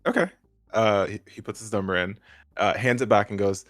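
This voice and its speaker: A man's voice: on the low side, steady tone, brisk, a bit bright, no room sound, clean studio sound, faint music behind. A man playing in a tabletop game, hesitant and a bit awkward. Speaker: player. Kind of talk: casual role-play banter.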